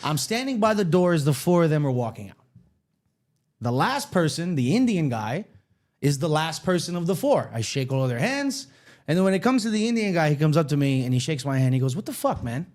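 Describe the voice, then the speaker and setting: A man's voice: on the high side, brisk. A man co-hosting a podcast, telling a story in a casual way and acting out the other people's lines. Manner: animated, acts out quoted voices. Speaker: podcast co-host.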